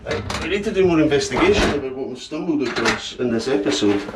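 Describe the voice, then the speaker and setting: An excitable Scottish man narrates a handheld vlog as he wanders outdoors, jokey and animated in a mid-pitched voice. His camera audio carries a steady hiss of outdoor noise. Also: quick pace. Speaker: vlogger host. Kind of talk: casual handheld travel vlog. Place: outdoors at a campsite festival.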